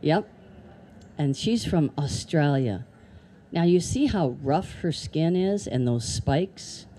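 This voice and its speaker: A woman with a somewhat low, warm voice hosts an animal show for children outdoors. She talks in a chatty, playful way and keeps asking the kids questions. A faint background noise sits under her voice. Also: animated, slow. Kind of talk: live educational talk to kids. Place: outdoor amphitheater.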